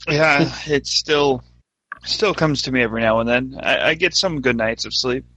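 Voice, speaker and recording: A man's voice: medium pitch, normal speed, sharp tone, no echo. A man playing a tabletop game in character, hesitant and stammering in a sheepish way. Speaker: player.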